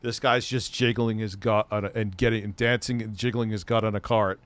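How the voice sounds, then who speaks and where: This profane, rambling commentary host, a middle-aged man who laughs easily, talks briskly in a fairly low, steady, smooth voice. There's no room sound on the casual stream.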